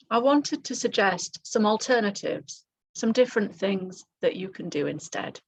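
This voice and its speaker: A woman teaching English directly to the camera, speaking clearly and encouragingly and acting out example phrases for learners. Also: mid-range voice, lively intonation, normal speed.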